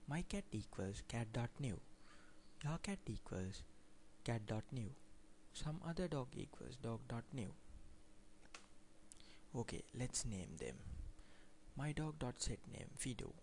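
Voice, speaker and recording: A man talks through a coding tutorial at an unhurried, deliberate pace, reading each line of code aloud. His voice has a gravelly, creaky edge, and a faint hiss sits under it. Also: medium pitch, very animated, darkish tone. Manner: reads code aloud line by line, plainly explaining. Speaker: programming instructor. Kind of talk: screen-recorded coding tutorial.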